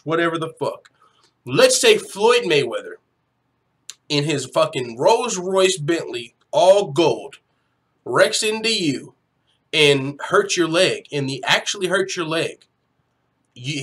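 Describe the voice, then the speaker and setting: A man hosting an MMA live-stream chat, talking casually and profanely, swinging from low mumbling to loud shouting.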